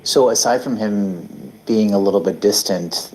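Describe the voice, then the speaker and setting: A woman's voice: very deep voice, a little slow, a little mellow, poor audio. A woman interviewer asking probing, clarifying questions.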